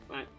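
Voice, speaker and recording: Chatty British woman streamer, laughing often. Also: bright, forceful tone. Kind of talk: casual live-stream chat while gaming.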